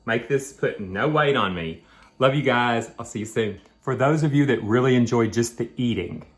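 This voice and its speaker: A man's voice: medium pitch, moderate pace. A man hosting a home video, chatting casually and rambling between bites of food. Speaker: vlog host. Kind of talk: casual chat while eating.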